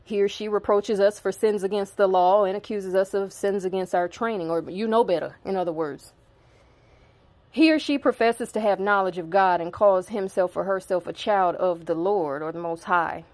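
A woman's voice: mid-range voice, moderate pace, a little mellow, dry recording. Woman, scripture reading, casual asides between verses, mid-range voice, dry close sound. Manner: reads verses aloud, breaks off to explain in casual asides. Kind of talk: informal Bible reading with commentary.

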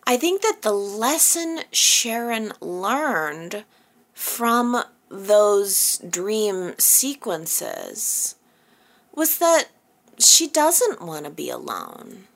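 A woman's voice: mid-range voice, wildly swooping pitch, extremely slow, gravelly. A woman hosting a soap opera recap, chatting casually and playfully, often laughing at her own jokes. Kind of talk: casual chat.

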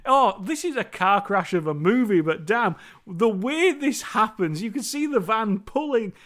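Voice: mid-range voice, expressive, a little slow, a bit bright. A movie reviewer talking through a film in a rambling, chatty monologue, swearing casually now and then.

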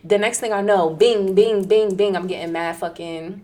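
A woman's voice: mid-range voice, fairly even intonation, normal speed, a little mellow, slight background noise. A young adult woman in casual chat, telling a story with slang and swearing, often laughing as she talks.

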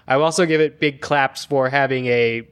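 Bright, smooth-voiced man talking games. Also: mid-range voice, steady tone, moderate pace, dry recording. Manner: enthusiastic, detailed, lots of fillers. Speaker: podcast co-host. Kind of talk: casual pop culture chat.

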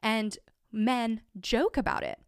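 A woman's voice: on the high side, slow pace, clear, resonant tone, no echo, clean studio sound. A woman in her thirties, a stay-at-home mom, talking earnestly and with emphasis to her listeners. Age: 30s. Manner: earnest, emphatic, rising when pressed. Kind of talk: personal talk to camera.

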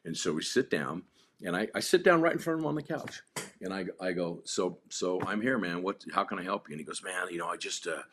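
A man's voice: sits low, expressive, brisk, a bit bright, a little hiss or hum. A man telling a story in an interview, blunt and profane, acting out the voices of the people in it. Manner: blunt, profane, acts out quotes with rising intensity. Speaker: podcast guest.

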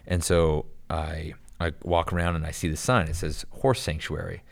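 A man telling a long story in casual chat, animated and rambling, full of "dude" and "like". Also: extremely low pitch, normal speed, vocal fry.

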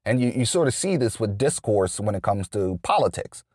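A man talks through a long, unscripted political monologue. His voice sits on the low side and the sound is close and dry, with no room echo. He rambles, restarts his sentences and leans on fillers as he works through his points. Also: very animated, moderate pace, darkish tone. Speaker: political commentator.

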